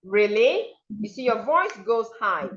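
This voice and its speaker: A woman's voice: mid-range voice, expressive, takes it slowly, highs cut off, background noise. A woman teaching a pronunciation seminar, saying example words over and over to model the stress. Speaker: diction teacher.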